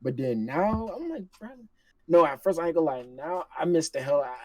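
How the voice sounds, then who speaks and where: A man's voice: fairly high pitch, sing-song, fairly quick, dry recording. A man telling laughing, slangy stories in a casual chat between co-hosts. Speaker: podcast co-host.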